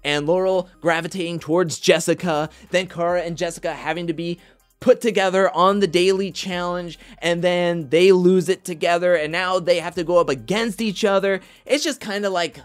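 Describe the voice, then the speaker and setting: A man hosting a casual recap of a reality competition show, chatty and animated, often quoting others in mock voices. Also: high-pitched, normal speed, faint music behind.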